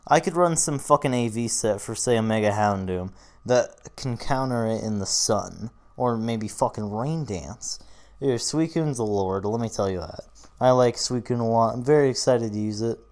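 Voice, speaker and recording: Tired young man, casual and profane. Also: mid-range voice. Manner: casual and profane, rambling with fillers. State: tired, yawning. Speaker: YouTuber doing a draft analysis. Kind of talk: casual commentary.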